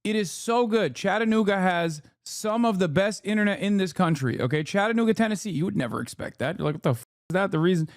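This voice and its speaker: A man giving casual reaction commentary as a streamer and political commentator, ranting in a profane way with quick asides. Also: high voice, expressive, dry recording, studio quality.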